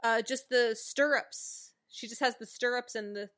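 A woman co-hosting a podcast with a bright, slightly high voice. She speaks slowly and easily, retelling events like a relaxed storyteller, recorded close and dry. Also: no echo. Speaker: podcast co-host. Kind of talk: casual recap chat.

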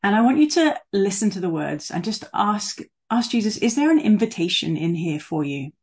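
A woman praying and then preaching over a video call, gentle and measured in prayer, casual in her asides. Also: medium pitch, big pitch swings, husky. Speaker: guest speaker.

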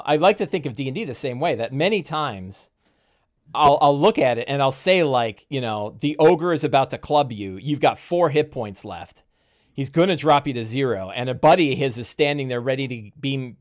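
A man hosting a casual podcast conversation, telling game stories animatedly with many restarts. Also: medium pitch. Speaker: podcast host and game master.

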